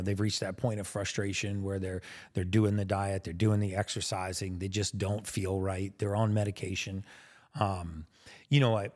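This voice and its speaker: A man's voice: sits low, a little mellow. A man hosting a podcast who chats with his guest and often affirms him with "yeah" and "mm-hmm.". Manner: affirming, chatty, backchannels a lot. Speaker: podcast host. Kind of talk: conversational interview.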